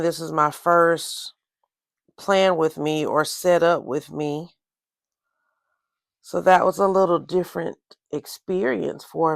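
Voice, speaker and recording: A woman's voice: low voice, creaky, no echo. A woman with a Southern US accent, chatting casually while decorating her journal in a plan-with-me vlog. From Southern United States. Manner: slow, relaxed, rambling with repeated "again". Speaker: journaling vlogger.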